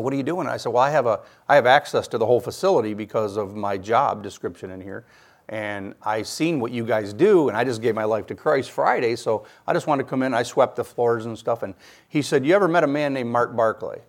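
A man's voice: medium pitch, fairly quick. Middle-aged man from Michigan, guest sharing a faith testimony, earnest storyteller, mid-range voice. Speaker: guest giving his testimony.

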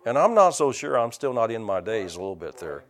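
A man's voice: mid-range voice, very animated, a little fast. An older man, a pastor preaching a folksy, joking sermon and calling out to his congregation.

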